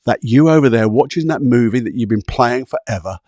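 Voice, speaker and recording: A man's voice: mid-range voice, expressive, fairly quick, mellow, dry recording, clean studio sound. A man, a podcast host and coach talking listeners through guided visualisation exercises in a casual way, step by step.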